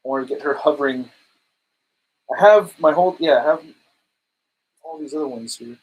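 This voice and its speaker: High-voiced guy rambling away on a home livestream, super excitable, lots of dude and epic. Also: normal speed, breathy edge, low-quality recording. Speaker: collectibles livestreamer. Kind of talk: casual livestream chat. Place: home display room.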